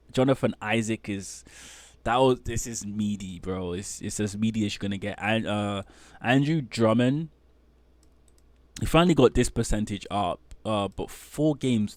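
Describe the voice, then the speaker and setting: A man's voice: fairly low pitch, no echo. Guy going over his fantasy league, rambly, dry close mic sound. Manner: animated, rambling, trails off into muttering. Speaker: fantasy basketball league host. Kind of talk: casual solo commentary.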